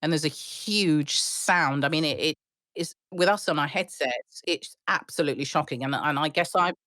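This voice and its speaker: A middle-aged woman airline pilot telling stories in an interview, animated, with frequent restarts and laughs. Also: low-pitched, moderate pace, no echo, clean studio sound. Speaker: airline pilot, podcast guest. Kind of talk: storytelling interview.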